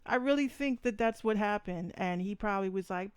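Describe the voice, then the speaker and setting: A woman hosting a live podcast who rants bluntly and profanely, driving home each point with repetition and emphasis. Her voice sits at a middle pitch. The recording is dry and close, with no room sound. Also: brisk, creaky, few pauses, clear, resonant tone, dry recording. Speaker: podcast host. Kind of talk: opinionated live podcast rant.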